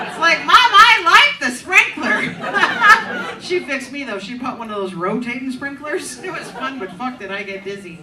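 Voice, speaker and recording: A woman's voice: medium pitch, very noisy. A middle-aged woman performing a crude, teasing stand-up set in a comedy club, working the crowd. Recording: echoey club from a distance, crowd. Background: audience laughter.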